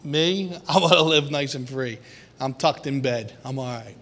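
A man's voice: medium pitch, normal speed, fairly bright tone. A man preaching an informal sermon to a small group, conversational and laughing, acting out quoted voices. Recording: long hall reverb.

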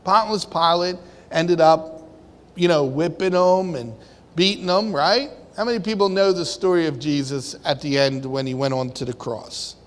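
A man's voice: a little high, normal speed. A man preaching a sermon in a conversational way, asking his congregation questions and acting out the people in the story. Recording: long hall reverb.

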